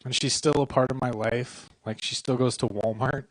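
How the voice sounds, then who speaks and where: A man doing a stand-up set at a comedy club with a low-key, mumbly delivery. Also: steady tone, normal speed, no room sound, poor audio.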